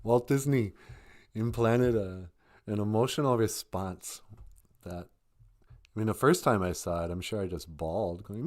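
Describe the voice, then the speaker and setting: A man in his fifties, co-hosting a live stream, telling a story in a rambling, animated way and laughing often. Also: fairly low pitch, unhurried, long pauses. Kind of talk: casual chat, storytelling.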